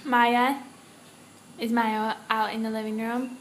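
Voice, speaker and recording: A young woman at home, a mother coaxing her toddler to talk in slow, sing-song baby talk with soft laughs. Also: on the high side, level tone, slight background noise.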